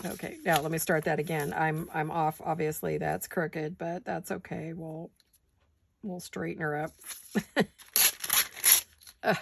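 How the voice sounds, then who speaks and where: A woman's voice: low voice, little pitch movement, a little slow, gravelly, pauses often, noisy background. A middle-aged woman chatting casually and rambling while she does a paper craft, now and then breaking into giggles. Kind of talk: casual craft-along chat.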